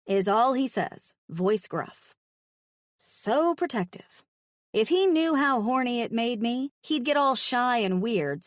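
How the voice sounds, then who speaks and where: A woman's voice: medium pitch, no echo, studio quality. Wry woman narrating a romance audiobook. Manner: frank, wry and playful.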